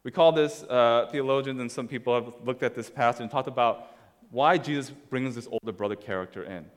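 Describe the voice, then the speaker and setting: A man's voice: mid-range voice, a little fast. Casual preaching man in echoing hall. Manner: conversational, casual, storytelling with slides. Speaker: pastor. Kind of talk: sermon.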